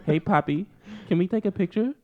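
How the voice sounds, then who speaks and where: A man's voice: brisk, narrow, tinny audio, natural voice. Man doing a squealy starstruck female celeb fan. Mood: flirty gushing. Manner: gushing, high squealy voice.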